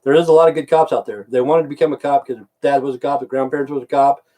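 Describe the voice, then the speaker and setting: Middle-aged american guy ranting and cussing, mellow low-key tone. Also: fairly even intonation, very fast. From United States. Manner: profane, repetitive, heated. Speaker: vlogger. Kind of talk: angry ranting monologue.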